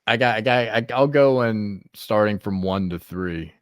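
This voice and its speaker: A man's voice: on the low side, moderate pace, clear, resonant tone, no room sound, highs cut off. A man hosting a podcast in casual chat, laughing often and swearing freely. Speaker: podcast host.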